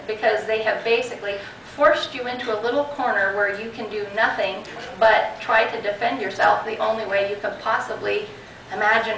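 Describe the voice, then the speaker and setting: A woman's voice: mid-range voice, a bit bright, a little hiss or hum. A woman guest speaker at a group meeting, telling a personal story with many restarts and quoted back-and-forth dialogue. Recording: echoey room recording from a distance.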